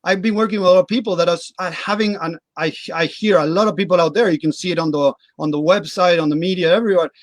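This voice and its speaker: A man's voice: high voice, quick pace, hardly any pauses, no echo. A middle-aged man, a guest coach in a casual interview, explaining his views earnestly with everyday examples.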